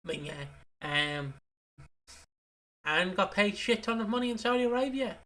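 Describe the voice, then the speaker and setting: A man co-hosting a casual podcast while sick, his voice slightly hoarse. He chats in a jokey, rambling way and swears freely. His voice sits a bit high and sounds bright and tense. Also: expressive, normal speed. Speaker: podcast co-host.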